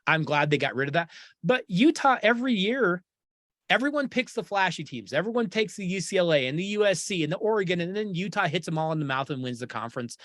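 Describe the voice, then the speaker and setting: A man hosting a sports talk show, talking in an animated, opinionated and jokey way. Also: sits high, fast talker, no echo, studio quality. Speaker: podcast host.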